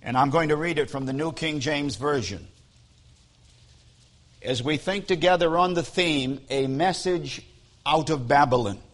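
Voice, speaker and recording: A man preaching a sermon and retelling a scripture story in a deliberate, solemn way. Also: a little high.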